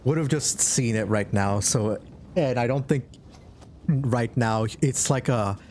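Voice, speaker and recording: A man's voice: mid-range voice, unhurried, a little mellow, a little hiss or hum. Rambling man running a tabletop game. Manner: casual, rambling with many fillers. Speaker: game master.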